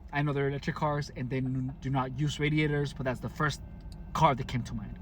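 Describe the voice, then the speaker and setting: A man's voice: medium pitch, little pitch movement, a little hiss or hum. A man from Mexicali speaking casually to camera, recounting his own experiences with frequent restarts and careful enunciation. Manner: halting, many restarts and fillers, deliberate enunciation. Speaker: vlogger. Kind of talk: casual personal account to camera.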